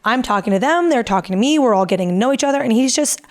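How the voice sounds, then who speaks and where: A woman in her thirties co-hosts a podcast, speaking rapid-fire in a fairly high-pitched voice. In casual chat, she tells a story animatedly and acts out what people said.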